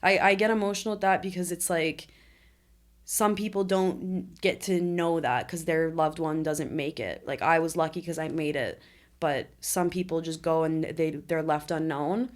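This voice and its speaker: Speaking at a moderate pace with a low pitch and fairly even intonation, a woman in her twenties talks as a podcast guest. Her account is candid and earnest, delivered in a conversational interview.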